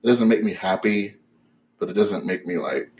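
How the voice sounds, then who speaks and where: A grieving male caller, as a podcast host quotes him, talks slow and subdued, with halting pauses and a flat, musing tone. The voice sits a little lower and softer than the host's usual talk.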